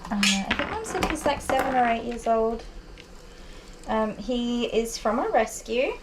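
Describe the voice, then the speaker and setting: Higher-pitched woman groomer narrating casually. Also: background noise. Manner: switches to a slower, quieter, calmer voice for anxious dogs. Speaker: dog groomer. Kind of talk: casual vlog narration while working. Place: grooming salon. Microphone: camera mic, sometimes set at a distance.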